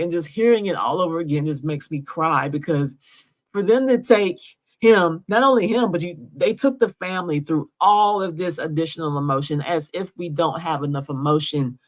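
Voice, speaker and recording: A woman giving emotional commentary over a recording, earnest and often asking "right?". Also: sits low. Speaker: vlogger narrating a recording.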